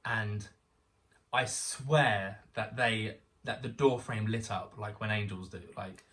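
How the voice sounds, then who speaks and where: Young man, animated storyteller, chatty guest, set back from the mic. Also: on the low side, slow, recorded from a distance, a little hiss or hum. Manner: excitable, animated storyteller who acts out quotes. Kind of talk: casual storytelling chat.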